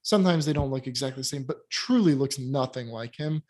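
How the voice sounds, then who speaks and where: A man's voice: medium pitch, fairly quick, darkish tone. A man co-hosting a casual film review chat, giving candid and critical opinions with plenty of hesitations and restarts. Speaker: podcast co-host reviewing films.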